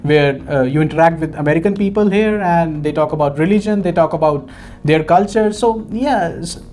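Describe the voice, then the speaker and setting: Speaking a little fast in a somewhat mellow, high-leaning voice, a young graduate student from Punjab with an Indian accent earnestly shares his story in a relaxed interview. He frequently repeats words as he hunts for the right phrasing, and faint music plays behind him.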